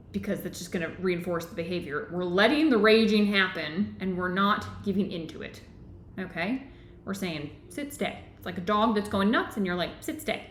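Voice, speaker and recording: A woman hosts a live online book club and teaches from the text. She talks in an earnest, steady way, checking in with her listeners over and over. Her voice sits at an average pitch and carries a noticeable room echo. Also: slight background noise. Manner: earnest, repeats "right?" often.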